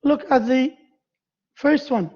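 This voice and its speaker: Slow, halting male lecturer. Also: very high voice, a little mellow, muffled recording. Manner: halting, repeats words and quizzes students. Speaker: university lecturer. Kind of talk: classroom grammar lecture. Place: classroom.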